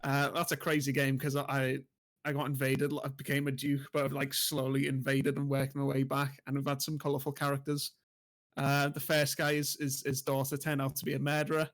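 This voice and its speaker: A man co-hosting a gaming podcast, telling a strategy game story with laughs and animated quoted lines. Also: mid-range voice, a little fast. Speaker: podcast co-host and streamer. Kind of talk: casual gaming chat.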